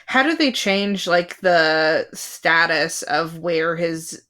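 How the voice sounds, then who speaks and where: A woman co-hosting a podcast in casual chat, frank, with quick reactions and asides. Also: on the low side, animated, sharp tone. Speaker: podcast co-host.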